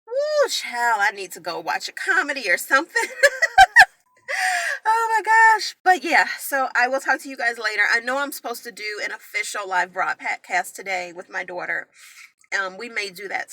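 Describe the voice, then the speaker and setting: A woman's voice: mid-range voice, lively intonation, normal speed, bright, forceful tone, slight background noise. A middle-aged woman talking emotionally and rambling to her viewers on a phone live stream. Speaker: natural hair vlogger.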